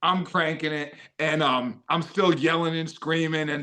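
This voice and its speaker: A man chatting on a podcast in an upbeat, excitable way, now and then breaking into loud cheering. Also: on the high side, measured pace, hardly any pauses. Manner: upbeat, excitable, bursts into loud cheering when quoting himself. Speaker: guest runner. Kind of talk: casual podcast chat.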